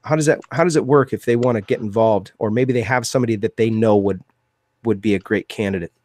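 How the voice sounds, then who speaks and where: An excitable man with a low voice hosts a live-streamed talk show. He thanks donors and fires off questions. The sound is dry and close. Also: quick pace, no echo. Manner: enthusiastic, thanks donors, many fillers. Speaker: host.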